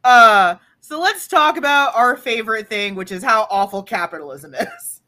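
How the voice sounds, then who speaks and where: A woman's voice: fairly high pitch, lively intonation, normal speed, sharp tone. A woman from Texas co-hosting a podcast, talking casually and animatedly, swearing freely and sarcastic. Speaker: podcast co-host. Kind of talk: casual discussion.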